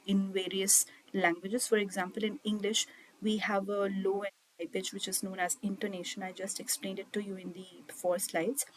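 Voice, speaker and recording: A woman's voice: medium pitch, slight background noise, rough recording. A woman teaching an online IELTS speaking class, reading slide points aloud and explaining them, with frequent fillers like "okay" and "uh".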